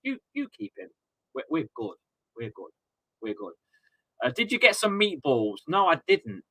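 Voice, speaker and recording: A man in his thirties rants casually on a football watchalong stream, swearing as he goes. His voice is bright and animated, and it jumps all over the place in pitch. The recording is dry and close. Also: normal speed, dry recording. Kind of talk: casual live-stream chat.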